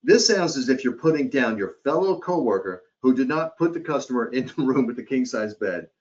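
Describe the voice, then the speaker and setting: With a medium-pitched, slightly mellow voice, lively intonation and a fairly quick pace, a man runs a live hospitality training webcast. He talks conversationally and often checks in with those listening, recorded through a computer or headset mic in dull, lo-fi quality.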